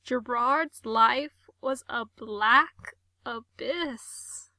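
A woman reading a comic story aloud in a wry, expressive way. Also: on the high side, extremely slow, no room sound. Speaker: story reader.

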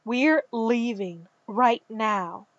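A woman voicing a cheerful, reckless young man in a storybook reading, in a slightly lowered voice with a dull, dry sound. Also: very slow, no room sound. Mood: urgent.

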